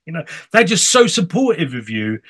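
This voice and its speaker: An English man hosting an interview show in a casual, chatty way, animated and playful. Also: fairly high pitch, moderate pace, slightly rough. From England. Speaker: host. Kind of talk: casual chat.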